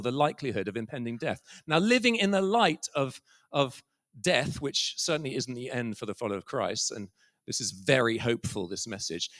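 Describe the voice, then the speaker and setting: A middle-aged man preaching a sermon, telling stories with quiet asides. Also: mid-range voice. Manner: storytelling, quiet asides and soft whispered quotes.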